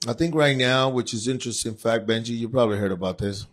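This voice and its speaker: A man from Puerto Rico talks on his live stream in a loose, chatty way, hopping from one topic to the next. His voice sits at an ordinary middle pitch. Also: quick pace. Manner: chatty, rambling, jumps between topics. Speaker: host. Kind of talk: casual live-stream chat. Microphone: phone or camera mic on a live stream.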